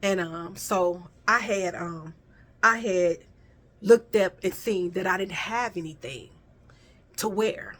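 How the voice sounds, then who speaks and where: A woman's voice: lowish voice, slow pace, a bit bright. Woman telling a blunt, profane story. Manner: blunt, profane, addresses viewers as y'all. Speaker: vlogger. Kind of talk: casual storytime monologue.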